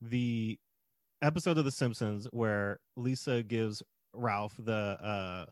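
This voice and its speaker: A man co-hosting a comedic film podcast, talking in a lively, mocking way and laughing often. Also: fairly low pitch, takes it slowly. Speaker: podcast co-host. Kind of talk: casual comedic film discussion.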